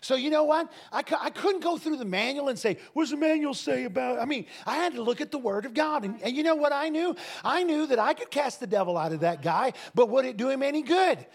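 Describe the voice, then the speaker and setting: A man preaching a sermon to a congregation, telling stories emphatically and breaking into shouts and laughter. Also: very high voice, fairly quick, few pauses. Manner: emphatic, swings into shouting and laughter, lively storytelling. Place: church service with a congregation.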